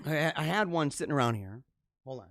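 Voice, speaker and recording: A man hosting a live religious stream, talking fervently and preachily, dropping to hushed tones and then rising to loud exhortation. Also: on the high side, lively intonation, brisk, no echo, clean studio sound. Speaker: host of a live religious show. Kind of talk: impassioned live-stream monologue.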